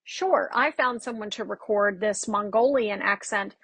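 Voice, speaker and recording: A woman who works as a dialect coach, speaking as a guest on a podcast. She tells lively stories and acts out the exchanges she quotes. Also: mid-range voice, unhurried, vocal fry, breathy edge, no echo. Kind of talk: casual interview chat.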